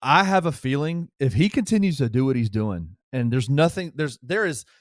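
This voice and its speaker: A man's voice: medium pitch, expressive, moderate pace, dry recording, clean studio sound. A man hosting a sports podcast in casual conversation, often restarting his sentences. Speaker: podcast host.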